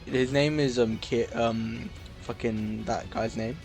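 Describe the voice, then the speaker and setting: A young man co-hosting a casual podcast, rambling and halting through long recaps with lots of fillers. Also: medium pitch, fairly even intonation, vocal fry, a little mellow, soft background music. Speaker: podcast co-host. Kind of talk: casual chat.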